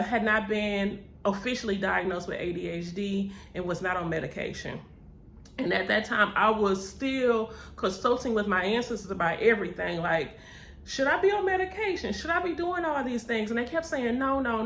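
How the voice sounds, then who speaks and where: A woman's voice: mid-range voice, slight background noise. A young adult woman vlogger, telling her story candidly and expressively. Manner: expressive, animated, says "baby" and "child". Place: cousin's house. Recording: echoey room.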